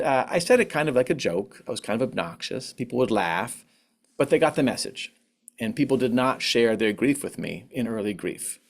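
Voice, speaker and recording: A man giving a candid, reflective online talk on grief, now and then acting out what others said in a higher voice. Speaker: conference speaker on grief. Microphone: online presentation mic.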